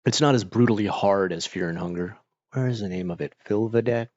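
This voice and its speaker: A man's voice: lowish voice, brisk, darkish tone, no room sound, dull audio. A man chatting casually with his stream viewers, rambling with lots of fillers while fighting off hiccups. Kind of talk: casual chat.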